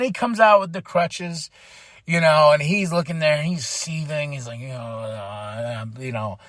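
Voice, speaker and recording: A man with a high-pitched voice hosts his own podcast, talking through a wrestling show in a loose, excitable solo review. He laughs often and jumps into acted-out reactions. The sound is close and dry, with no room echo. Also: a little slow. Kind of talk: casual solo review monologue.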